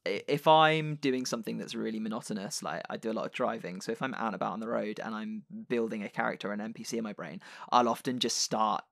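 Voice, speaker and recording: A man's voice: fairly low pitch, fast talker, vocal fry, few pauses, fairly bright tone, no room sound, clean studio sound. A man hosting a podcast, chatting casually with lots of fillers and restarts. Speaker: podcast host and dungeon master.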